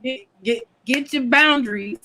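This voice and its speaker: A woman's voice: high-pitched, unhurried, crowd noise. A woman co-hosting a casual faith chat, laughing often as she builds long, elaborate metaphors.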